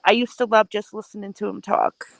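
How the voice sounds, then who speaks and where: A woman's voice: mid-range voice, fairly even intonation, fairly quick, gravelly, dry recording. A woman from upstate New York chatting on a panel, talking emphatically and repeating words as she gathers her thoughts. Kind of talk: casual chat.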